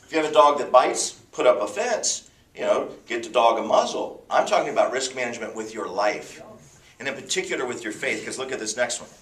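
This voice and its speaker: Man preaching in a roomy hall. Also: a little fast. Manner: animated storytelling, dramatic pitch swings. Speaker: pastor. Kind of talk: sermon. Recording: echoey hall from far off.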